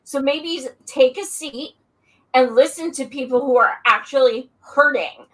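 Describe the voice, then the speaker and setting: A woman's voice: high-pitched, unhurried, fairly bright tone, rough recording. A woman co-hosting a political podcast, blunt, outspoken and playful in casual chat. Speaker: podcast co-host.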